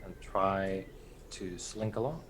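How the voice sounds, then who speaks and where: A man playing a tabletop game, speaking quietly and hesitantly. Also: low-pitched, slow, a little hiss or hum, low-quality recording. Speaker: player.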